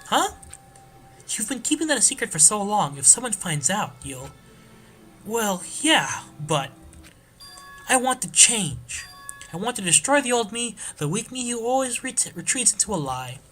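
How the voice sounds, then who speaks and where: A man voicing a timid, earnest small young programmer in a game let's play, soft and hesitant. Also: high-pitched, very animated, measured pace, faint music behind, voice pushed up, full character voice.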